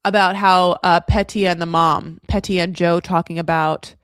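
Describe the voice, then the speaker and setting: A woman's voice: lowish voice, fairly even intonation, normal speed, smooth, no echo, clean studio sound. Blunt, rambling woman recapping reality TV. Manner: rambling, full of "like" and swearing; opinionated and blunt. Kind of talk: casual live recap commentary.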